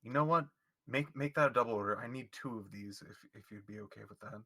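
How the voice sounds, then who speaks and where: A man's voice: mid-range voice, fast talker, sharp tone. A man voicing a polite, formal adventurer in a tabletop game. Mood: courteous. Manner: formal, courteous address.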